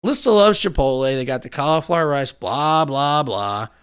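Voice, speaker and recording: A man in casual chat, telling long animated stories and swearing freely. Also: a little high, a little fast, clear, resonant tone.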